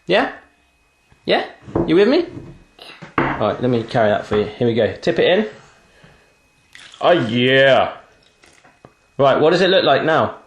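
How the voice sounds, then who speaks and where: A man's voice: medium pitch, very animated, unhurried, pauses often, roomy sound, a little hiss or hum. A man hosting a casual cooking demonstration in his home kitchen, chatty and teasing as he cooks alongside a child. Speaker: cooking show host.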